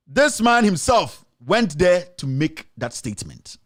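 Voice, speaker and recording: A man's voice: fairly high pitch, very animated, a little slow, hardly any pauses. A Ghanaian man, a journalist and show host, giving heated political commentary, firing off accusing rhetorical questions.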